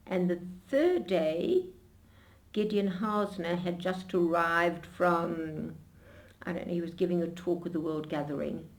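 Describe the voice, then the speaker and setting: An older woman being interviewed, telling her memories in an animated storytelling way with frequent restarts. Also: on the low side, measured pace.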